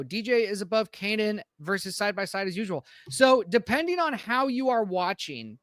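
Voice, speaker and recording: A man's voice: high voice, no room sound, clean studio sound. An American man co-hosting a podcast live stream, rambling and greeting viewers from the chat by name. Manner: rambling, reads out chat names. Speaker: podcast co-host.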